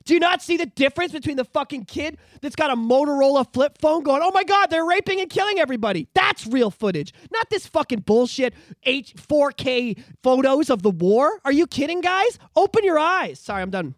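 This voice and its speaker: A man from Canada co-hosting a podcast, ranting profanely about politics, swinging from loud outbursts to low mutters. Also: expressive, moderate pace, few pauses, no room sound, clean studio sound. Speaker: podcast co-host. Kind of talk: casual political rant.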